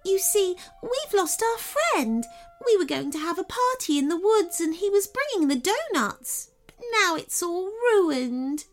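A woman's voice: extremely high pitch, big pitch swings, unhurried, voice pushed up, heavily acted. Woman doing a tearful little fairy. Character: small sad female fairy, tearful.

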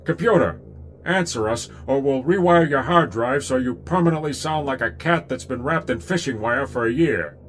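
A man's voice: mid-range voice, normal speed, a little hiss or hum, natural voice. A man playing a dry, sarcastic starship captain in a comedy audio drama. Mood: sardonic. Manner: sarcastic, calmly menacing.

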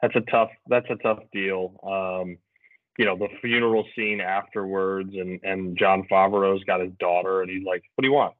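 A man's voice: low-pitched, level tone, moderate pace, no room sound. A man co-hosting a podcast, talking in an earnest, emotional way with lots of restarts. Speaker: podcast co-host. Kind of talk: casual chat. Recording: tinny phone-like audio.

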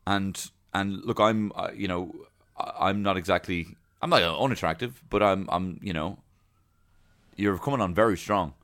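A man's voice: low-pitched, a bit bright. A man doing a flustered Irishman. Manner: stammering, nervous and fast.

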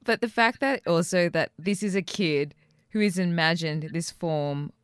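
Animated woman, dry sound. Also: fairly low pitch, measured pace, clear, resonant tone, no echo. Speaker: podcast co-host. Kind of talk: casual chat.

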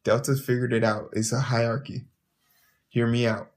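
A man's voice: mid-range voice, moderate pace. Profane man telling a story. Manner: profane, animated, repeats words when starting sentences. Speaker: podcast host. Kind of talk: storytelling monologue.

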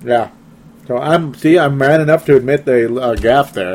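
A man's voice: medium pitch, moderate pace, darkish tone. A man hosting a casual sports talk show, reading listener comments and chatting in a self-deprecating way with frequent laughs.

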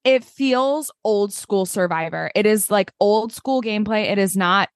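A woman's voice: mid-range voice, unhurried, no room sound. A woman with a mid-range voice gives her blunt, opinionated take on a reality show, dropping swear words without a second thought. Her voice is recorded dry and close, with no room sound around it. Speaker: podcast co-host. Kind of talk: casual reality TV recap chat.

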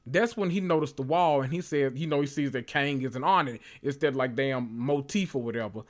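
A man recapping a TV episode in a sassy, animated and profane casual reaction. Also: medium pitch, brisk. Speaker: recap vlogger.

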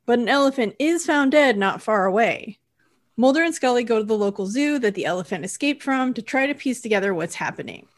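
Woman, podcast co-host, casual, light, quick to laugh. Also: a little high, lively intonation.

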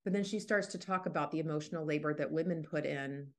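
A woman's voice: low voice, quick pace. A woman hosting a podcast, talking things through in a thoughtful, unscripted way with frequent restarts. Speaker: podcast host. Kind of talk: casual podcast monologue.

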